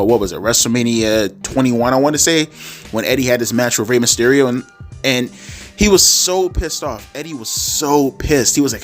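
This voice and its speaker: A man talking casually in a mid-range voice, rambling through his opinions with constant restarts, self-corrections and the odd swear word. Soft instrumental music plays faintly underneath. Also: medium pitch. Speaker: wrestling commentary YouTuber.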